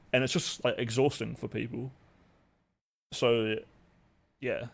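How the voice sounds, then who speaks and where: A man's voice: medium pitch, level tone, slow pace, vocal fry, pauses often. A young man, streaming and chatting casually, rambling with lots of fillers and swearing. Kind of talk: casual live-stream chat.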